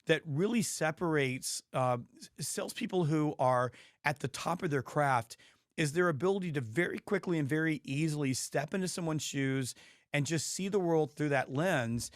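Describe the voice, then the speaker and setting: Male podcast host, hoarse, emphatic storyteller, higher-pitched, dry close sound. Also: moderate pace, dry recording. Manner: emphatic storytelling with frequent restarts. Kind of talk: casual interview chat.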